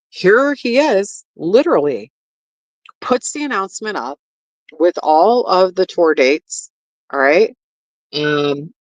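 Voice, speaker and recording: With a fairly low pitch, a woman who does commentary streams shares a casual opinion rant aimed directly at her viewers, blunt and thick with swearing and fillers. Her audio is dry, dull and lo-fi.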